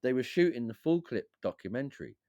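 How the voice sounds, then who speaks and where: A man, a DJ and beat maker who is a guest on a podcast, telling stories in a lively, swearing, casual way and acting out what others said. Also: mid-range voice, fast talker, no echo, studio quality. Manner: animated, swears freely, acts out quotes. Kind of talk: casual storytelling chat.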